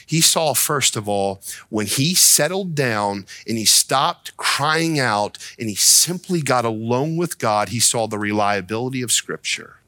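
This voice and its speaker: A male pastor preaching a sermon with strong emphasis. He slows down and drops his voice to read scripture, then rises close to shouting when he acts out the prophet's complaints. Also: mid-range voice, expressive, no echo.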